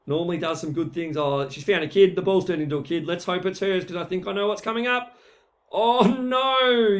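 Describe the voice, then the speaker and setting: A man giving playful, teasing mock football commentary over a video as a voice-over. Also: on the high side.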